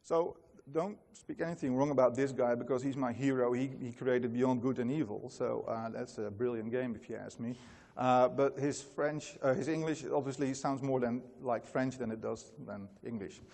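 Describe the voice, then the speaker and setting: A man's voice: mid-range voice, fairly even intonation, normal speed, gravelly, a little mellow. Dutch-accented man, loose conference presenter, reverberant hall. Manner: casual, chatty, many fillers and restarts. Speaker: conference speaker. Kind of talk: conference talk.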